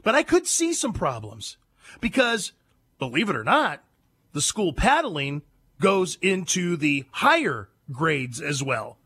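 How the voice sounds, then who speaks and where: A male talk radio host delivers an emphatic monologue full of rhetorical questions. His voice sits high and bright, and it swings widely in pitch as he tells stories. His delivery is lively and sharp. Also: slow, breathy edge, dry recording.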